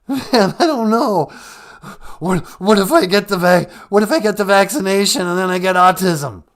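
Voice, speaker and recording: A man voicing a panicky, cowardly male lion who calls in to a comedy podcast, whining loudly and fretting. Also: high-pitched, normal speed, pitched above the performer's own voice. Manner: frantic, whiny, loud. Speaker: phone-in caller in a comedy bit.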